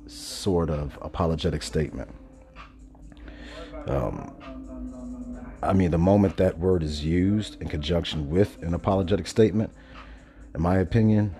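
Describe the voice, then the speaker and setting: A man hosting a casual monologue podcast, stoned, talking slowly and loosely with many pauses and self-corrections. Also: low-pitched, warm tone. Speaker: podcast host. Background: faint background music.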